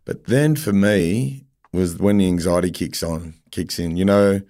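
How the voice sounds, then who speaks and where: Deep bloke hosting a chat, blunt storyteller, swears a lot. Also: male voice, unhurried, mellow. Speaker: podcast host. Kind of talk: casual interview chat.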